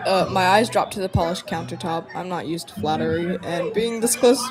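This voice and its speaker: A woman's voice: fairly low pitch, a little fast. A woman streaming a story game, reading lines aloud and breaking off into giggly, rambling, self-mocking asides. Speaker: streamer playing a visual novel. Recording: game music and crowd chatter behind.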